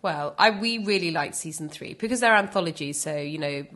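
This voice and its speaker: A woman's voice: fairly low pitch, lively intonation, brisk, fairly bright tone. A woman in her thirties co-hosting a podcast, chatting casually, swearing freely and sometimes dropping to a whisper. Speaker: podcast co-host. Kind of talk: casual chat.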